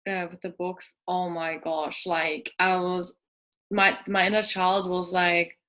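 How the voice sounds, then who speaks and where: Brief: woman host, effusive, flat steady pitch, casual interview talk. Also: takes it slowly. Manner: effusive, emotional sharing.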